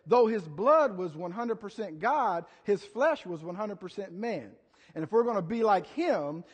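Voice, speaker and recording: A man's voice: high-pitched, slightly rough. A man preaching a sermon in a casual, chatty way, telling stories and acting out quotes with volunteers. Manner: chatty, storytelling with acted quotes and audience volunteers. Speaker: pastor. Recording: long reverb of a church hall.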